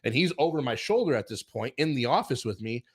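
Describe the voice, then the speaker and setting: A middle-aged man telling a casual career story, animated, acting out quotes and saying "like" a lot. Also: medium pitch, quick pace, breathy edge. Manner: animated, acts out quotes, many fillers like "like". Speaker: chef and show guest telling his career story.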